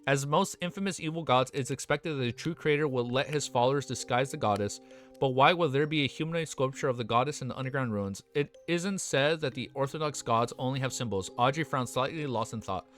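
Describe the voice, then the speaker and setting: Regular-voiced guy reading a novel and reacting, says like and bro a lot, soft music in the back. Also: mid-range voice, fairly quick. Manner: slangy, excitable asides. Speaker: web novel reader and reactor.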